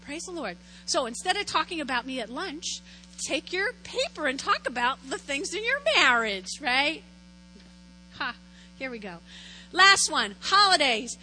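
A middle-aged woman pastor preaching in a lively, conversational way, telling stories and constantly checking in with her listeners. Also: high voice, low-quality recording. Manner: animated, storytelling, keeps checking in with "right?". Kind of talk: conversational sermon.

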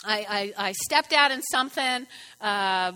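A woman preaching a sermon, playful and animated, repeating her points for emphasis. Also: mid-range voice, measured pace, smooth, in a large hall.

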